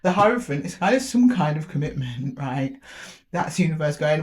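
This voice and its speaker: A woman giving a casual tarot reading, chatty and playful, laughing often and putting on quick voices for the universe. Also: lowish voice, animated, darkish tone. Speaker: tarot reader.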